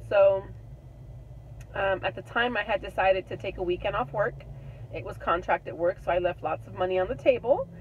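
Chatty woman vlogging on tinny audio. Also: medium pitch. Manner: chatty and candid, many ums and restarts. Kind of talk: casual personal storytelling. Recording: tinny phone-like audio with clear road noise.

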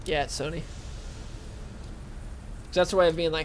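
A man's voice: fairly high pitch, steady tone, normal speed, pauses often, a little hiss or hum. A young man hosting a casual gaming video, chatting and rambling while he plays and reacts to the game. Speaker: gaming channel host. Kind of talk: casual let's-play commentary.

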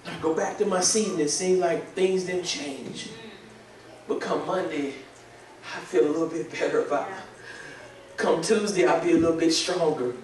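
A man preaching a sermon as pastor, moving from quiet pleading to shouted prayer. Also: on the high side, normal speed. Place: church sanctuary. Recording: echoey church hall, mic at a distance.

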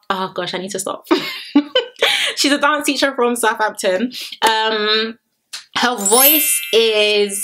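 A woman vlogger reviews a reality show in a casual, chatty voice. She is animated and playful and stretches words out for effect. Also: mid-range voice.

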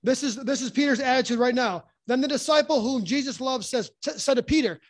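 A man teaching from the Bible in a casual podcast chat, earnest and halting with many restarts. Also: very high voice, dry recording. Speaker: podcast guest.

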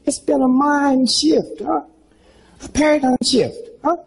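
A comedian in his seventies spins long rambling stories to a live crowd, checking in with "huh?" and "you know what I'm saying?". His voice sits high and gravelly. Faint background noise hangs around the recording. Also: steady tone, measured pace, low-quality recording. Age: 70s. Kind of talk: stand-up storytelling to a live audience.

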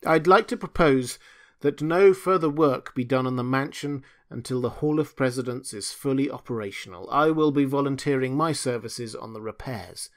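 A man voicing a stern woman leading a meeting, in measured, firm tones, in an audiobook. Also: medium pitch, natural voice. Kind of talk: audiobook dialogue.

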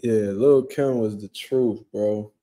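Casting: young male streamer, easygoing and profane, mellow tone, reading chat comments. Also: lowish voice, fairly even intonation, takes it slowly. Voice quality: profane, laid-back slang-heavy talk. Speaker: livestream host. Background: quiet room at home.

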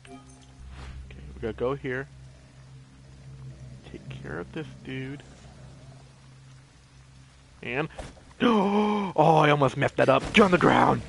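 A man commenting on his own gameplay, easily startled and thinking out loud as he plays. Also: mid-range voice, measured pace, vocal fry, long pauses, slight background noise. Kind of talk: let's play commentary.

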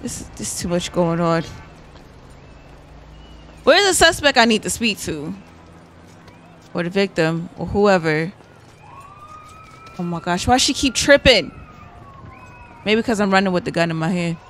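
Young woman, gameplay commentator: bright tone, very expressive pitch, chatty and animated. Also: a little slow, pauses often, a little hiss or hum. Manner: animated, chatty, exclaims and laughs to viewers. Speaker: gaming YouTuber.

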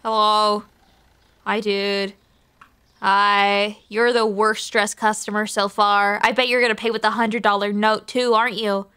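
A woman's voice: mid-range voice, level tone, unhurried, sharp tone, clean tone. A young woman streaming a game, chatting playfully and crudely as she greets and teases the customers. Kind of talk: live game-stream commentary.

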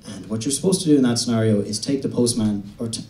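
A young man from the west of Ireland with an Irish accent, doing a stand-up set in a halting, deadpan way with many restarts. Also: lowish voice, slight background noise. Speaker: stand-up comedian. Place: comedy venue stage. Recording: roomy venue recording from a distance.

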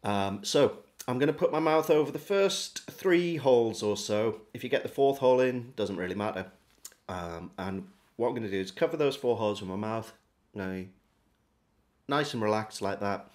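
A man giving a relaxed, step-by-step beginner harmonica lesson. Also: on the low side, moderate pace. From England. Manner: friendly, relaxed step-by-step demonstrating. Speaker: harmonica teacher. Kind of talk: casual video lesson.

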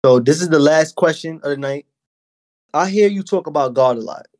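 A man's voice: on the high side, a little fast, darkish tone. A man hosting a casual podcast interview in an easygoing, encouraging way. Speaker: podcast host.

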